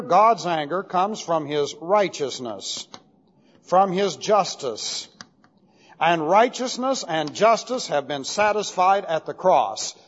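A male pastor giving an expository sermon, emphatic and methodical, repeating key terms as he explains them step by step. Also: high voice. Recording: dull lo-fi recording with long hall reverb.

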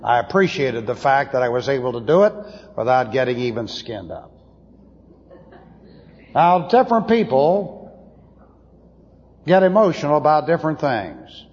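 Blunt husky preacher in an echoing hall. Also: male voice, medium pitch, big pitch swings, darkish tone. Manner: blunt, opinionated, slows for emphasis. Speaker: pastor teaching a Bible class. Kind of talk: sermon lecture. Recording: dull lo-fi tape in a reverberant hall.

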